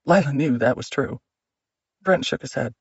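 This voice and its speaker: A man narrating an audiobook in a measured, steady reading. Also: mid-range voice, husky, dry recording, lo-fi sound.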